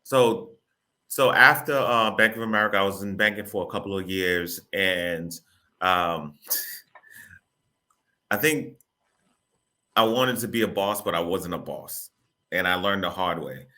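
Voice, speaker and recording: Interview guest, male, low-pitched with a bright, forceful edge; animated, repetitive, informal storyteller. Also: unhurried, pauses often. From Boston area, Massachusetts. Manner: animated, repeats himself, informal grammar. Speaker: guest, real estate broker.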